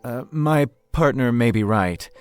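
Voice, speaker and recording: A man voicing a polite, flirtatious male town official in a video game, smooth and persuasive. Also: mid-range voice, expressive, unhurried, soft background music, close to an everyday voice. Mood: courteous.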